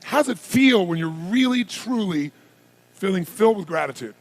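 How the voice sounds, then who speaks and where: Gravelly, husky-voiced motivational speaker man. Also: high-pitched, moderate pace. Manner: energetic, fires rhetorical questions at the crowd; at times shouts to rouse the audience. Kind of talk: live motivational seminar. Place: large seminar stage before an audience.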